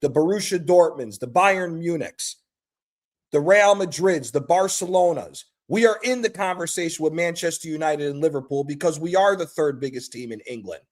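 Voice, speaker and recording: A man's voice: on the high side, lively intonation, moderate pace. Fired-up American man ranting. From United States. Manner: passionate, profane, emphatic. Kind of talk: heated call-in rant.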